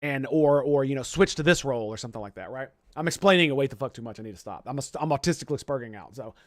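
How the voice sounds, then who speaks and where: A man's voice: mid-range voice, very fast, no room sound, clean studio sound. A young man talking in casual commentary as a streamer host, rambling with lots of swearing and restarts. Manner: rambling, profane, many restarts.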